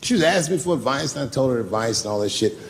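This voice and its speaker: A man's voice: mid-range voice, lively intonation, very fast. A man performing a stand-up comedy routine in a club, telling a profane story and acting out other people's voices, with the audience laughing. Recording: live club recording with long reverb.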